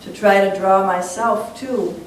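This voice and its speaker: In a church sanctuary, a woman minister gives a sermon at a measured pace with fairly even intonation, her teaching earnest and reflective. A faraway mic captures the echoey hall and a faint rumble.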